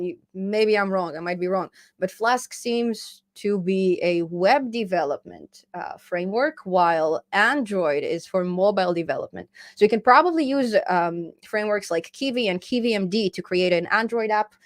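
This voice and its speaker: Chatty woman hosting a live stream. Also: mid-range voice. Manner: chatty, laughs often, reads viewer comments aloud. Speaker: programming channel host. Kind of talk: casual live-stream chat.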